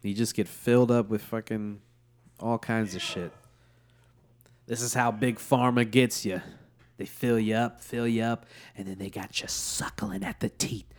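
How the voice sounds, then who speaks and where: A man's voice: fairly low pitch, steady tone, measured pace. A man in his late twenties hosting a podcast, chatting casually and joking with lots of profanity. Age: 20s. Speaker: podcast host. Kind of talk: casual chat.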